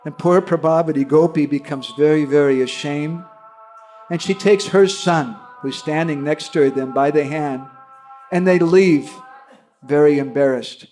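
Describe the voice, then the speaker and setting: A man's voice: fairly high pitch, measured pace, faint music behind. Man telling devotional stories animatedly. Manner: animated, frequently checks in with listeners. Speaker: devotional storyteller. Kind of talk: devotional storytelling talk.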